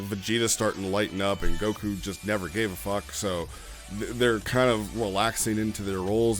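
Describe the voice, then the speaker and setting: Low-voiced guy rambling about roleplay, lots of ums and restarts, bit of music faint behind. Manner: rambling, many fillers and restarts. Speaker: roleplay community host. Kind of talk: casual talk on roleplay writing.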